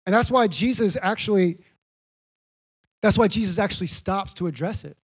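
A man with a high-pitched voice delivers a sermon from the pulpit. He repeats key lines for weight and pushes each point to an emphatic peak. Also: moderate pace, slightly rough. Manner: earnest, building to emphatic peaks. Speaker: pastor.

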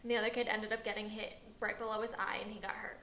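A woman's voice: mid-range voice, level tone, fast talker, pushed and bright, echoey room, slight background noise. A woman co-hosting a casual podcast, rambling through a long story about her son and acting out his lines. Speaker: podcast co-host. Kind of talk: casual chat.

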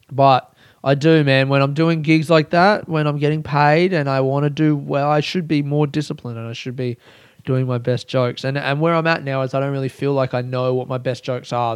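A man's voice: mid-range voice, clean tone, no room sound. Aussie comedian guy rambling on his podcast, swears constantly, flares up into rants, close dry mic. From Australia. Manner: rambling, swears a lot, bursts into loud ranting. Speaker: stand-up comedian. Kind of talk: casual podcast monologue.

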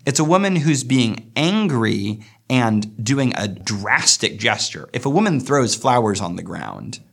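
A man teaching a poetry lesson, explaining verse and slowing down to read lines aloud thoughtfully. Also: medium pitch, big pitch swings, creaky, a bit bright. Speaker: literature teacher.

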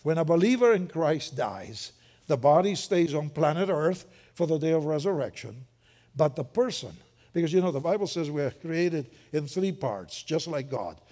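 An older man preaching a sermon in a lively, conversational way with joking asides. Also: fairly high pitch, moderate pace.

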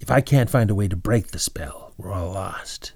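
Man doing a panicked servant girl, raised voice, gravelly, husky, storybook reading. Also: deep voice, normal speed, no echo, studio quality. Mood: sobbing despair. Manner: pleading, shouting for help. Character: frightened young servant girl, desperate.

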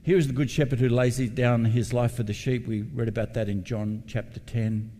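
A man preaching a sermon in a mellow, warm voice, often turning questions to the congregation. His words ring out with a long reverb across a church hall. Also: medium pitch, fairly even intonation, moderate pace. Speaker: pastor.

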